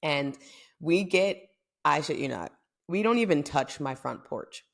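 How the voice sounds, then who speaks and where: A young woman from the United States telling a story in a chatty, animated way as a podcast host. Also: sits low, unhurried, creaky. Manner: chatty, animated, lots of fillers. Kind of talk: casual storytelling.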